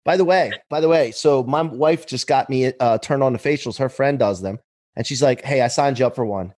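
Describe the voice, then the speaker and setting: A man's voice: mid-range voice, fairly quick. A man hosting a podcast, chatting casually and joking with his guest, telling anecdotes with laughs. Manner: jokey, laughing, animated storytelling. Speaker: podcast host. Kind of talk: casual interview chat.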